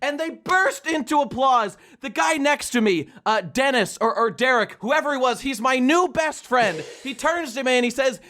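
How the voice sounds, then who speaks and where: A man on a comedy podcast, telling a mock-patriotic story and breaking into shouted singing. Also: very high-pitched, expressive, moderate pace, few pauses. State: hoarse from shouting. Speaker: podcast host.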